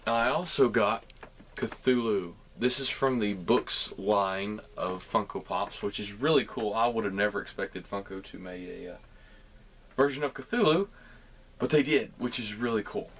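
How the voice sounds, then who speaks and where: A man's voice: on the low side, unhurried, fairly bright tone. Young Southern guy, casual haul-video vlogger, talkative and meandering, light background noise. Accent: Southern American. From Southern United States. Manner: chatty, rambling, addresses viewers as guys. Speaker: collectibles vlogger.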